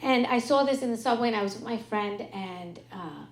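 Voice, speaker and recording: A woman's voice: on the high side, brisk. A woman performing a brash, profane stand-up comedy set on a club stage, speaking into a handheld mic. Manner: brash, profane, punchy delivery. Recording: echoey club with loud crowd. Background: audience laughter.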